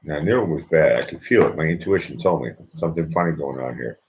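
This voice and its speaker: A man with a deep, low-pitched voice talks straight to camera in a loose personal monologue. He rambles, circles back and repeats his phrases as he works through his thoughts, earnest and heartfelt. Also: fast talker, darkish tone, slight background noise. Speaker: vlogger.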